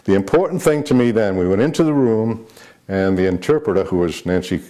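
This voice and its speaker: A man's voice: fairly low pitch, brisk, mellow. An older man, a former military aide, answering interview questions with rambling anecdotes, many fillers and restarts.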